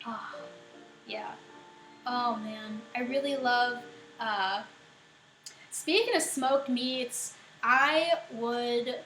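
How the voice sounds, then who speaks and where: A young woman with a fairly high, slightly bright voice chats casually and giggles a lot while answering viewers on a live baking stream from her home. There's a little hiss or hum, and the room echoes with faint music in the background.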